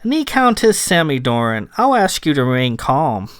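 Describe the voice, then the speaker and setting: A man's voice: fairly high pitch, very animated, normal speed, fairly bright tone, dry recording, studio quality. A man reading the part of a cool, impatient official lord in a droll, clipped, bureaucratic manner.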